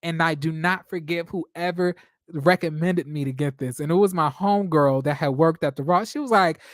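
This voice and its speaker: A man hosting a casual live stream from home, telling stories in a dramatic, expressive way, swearing freely and laughing often. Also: fairly high pitch, moderate pace, no room sound, clean studio sound.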